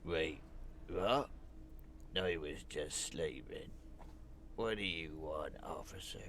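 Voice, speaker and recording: Brief: drowsy, curt game dock worker, low voice and unhurried delivery. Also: male voice, a bit bright, slight background noise, exaggerated voice. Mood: surly. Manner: drowsy and evasive, curt answers. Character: sleepy, surly thirty-something male dock worker.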